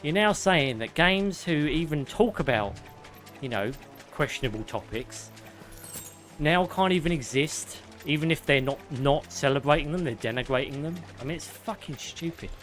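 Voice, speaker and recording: A man's voice: fairly high pitch, animated, moderate pace, fairly bright tone, faint music behind. Sweary male streamer ranting. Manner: profane, ranting, chatting with viewers. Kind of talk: live gameplay commentary.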